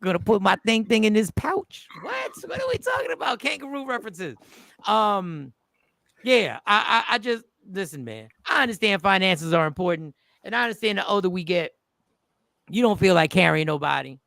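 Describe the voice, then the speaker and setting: A man's voice: sits high, expressive, normal speed, vocal fry, pushed and bright, no echo. A man hosting a show, joking and reacting to comments in casual comedic talk. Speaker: podcast host.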